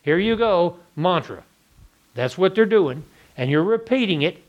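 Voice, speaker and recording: A man's voice: high-pitched, expressive, unhurried, lo-fi sound. A man with a Texan accent teaching a church Bible class, posing rhetorical questions and answering them himself.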